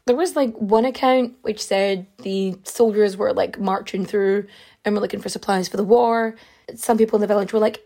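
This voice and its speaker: A woman's voice: mid-range voice, steady tone, normal speed, dark tone. A woman casually telling a true crime story, rambling with fillers and side remarks. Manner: chatty, rambling, lots of fillers and asides.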